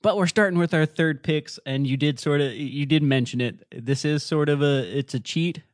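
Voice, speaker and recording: Enthusiastic male podcast co-host, dry close sound, lively casual delivery. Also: on the high side, normal speed, no echo. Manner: enthusiastic, animated storytelling. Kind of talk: casual chat.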